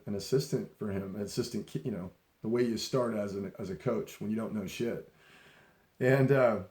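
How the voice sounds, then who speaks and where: A man's voice: mid-range voice, mellow, roomy sound. A middle-aged man telling personal leadership stories in a casual, rambling way, laughing often and restarting his sentences. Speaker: speaker sharing leadership stories. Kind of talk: casual storytelling talk.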